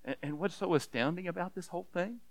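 A man preaching a sermon as pastor, earnest and emphatic, often restarting with repeated words and dropping to a hush on key points. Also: high voice, fast, no echo. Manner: earnest, repeats words when restarting, swings between loud emphasis and hushed softness.

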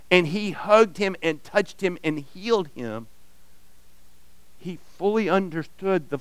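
A pastor preaches in a high, ringing voice that carries cleanly. He speaks earnestly, circling back on words as he finds his phrasing, and the sound is dry and close with no room around it. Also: smooth, no room sound. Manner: earnest, reads aloud expressively, repeats words when restarting. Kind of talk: sermon.

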